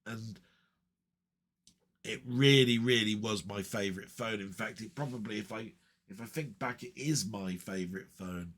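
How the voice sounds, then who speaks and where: A man's voice: on the low side, moderate pace, fairly bright tone. A man rambling in a casual, chatty way with frequent ums and asides as a retro gaming vlogger.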